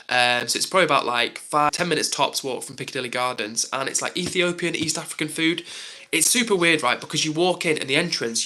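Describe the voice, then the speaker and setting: A man's voice: fairly high pitch, pushed and bright. A young man on a live stream, chatting casually and reading out comments with lots of "like" and "um".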